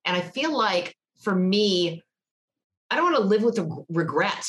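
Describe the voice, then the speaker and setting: A woman's voice: mid-range voice, expressive, normal speed. A woman from Georgia with a Southern accent, a podcast guest chatting casually and telling stories with frequent laughs. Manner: chatty storyteller, laughs often. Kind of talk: casual interview chat.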